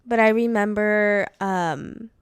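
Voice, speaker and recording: Smooth-voiced woman telling a story. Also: medium pitch, slow, no echo. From California. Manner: rambling storytelling with frequent "like" and laughs. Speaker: podcast co-host. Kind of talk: casual chat.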